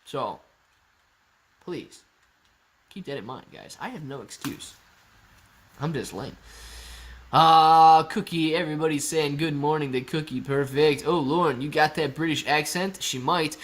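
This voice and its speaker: Upbeat young guy from Ohio, stock stream host, chatty and joking, a touch higher pitched. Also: measured pace, long pauses, a bit bright. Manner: upbeat, jokey, talks to chat and a dog. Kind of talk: casual live chat reading comments.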